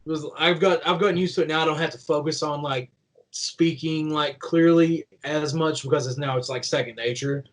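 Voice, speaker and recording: A young man with a Kentucky country twang chats as an interview guest, his voice sitting a little high for a man. He rambles through his stories with plenty of "like" and laughs as he goes. His talk stays loose and conversational. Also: fairly even intonation, a little fast, low-quality recording. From Kentucky, USA. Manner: rambling and chatty, full of "like", laughing while telling stories. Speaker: guest, professional wrestler. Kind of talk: casual interview chat.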